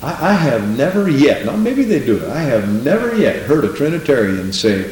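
A man preaching a sermon, animated, swinging from low asides to high exclamations. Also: moderate pace, far from the mic, a little hiss or hum. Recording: roomy echo.

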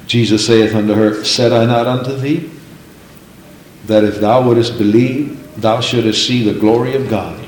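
A man's voice: fairly low pitch, a little mellow, roomy sound, slight background noise, poor audio. A man preaching a sermon, telling a folksy story and then reading scripture aloud, building to fervent emphasis on key lines.

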